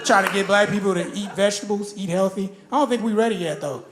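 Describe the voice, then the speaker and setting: Male stand-up comic, animated, slips into character voices; roomy live venue, noisy crowd. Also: high voice, fast talker. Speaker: stand-up comedian. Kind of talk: stand-up comedy set. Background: loud audience laughter.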